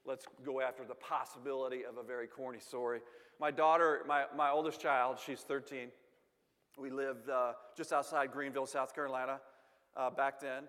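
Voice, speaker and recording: A man's voice: mid-range voice, level tone, moderate pace, fairly bright tone, big-room sound. A man telling a family story to an audience, with self-deprecating humor and frequent repeated words.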